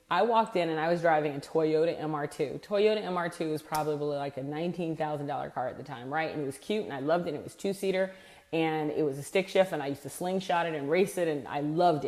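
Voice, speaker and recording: A woman's voice: on the low side, a little mellow. A woman in her forties giving a blunt, emphatic sales rant, acting out quoted people as she goes. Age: 40s. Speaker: sales speaker. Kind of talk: ranting monologue.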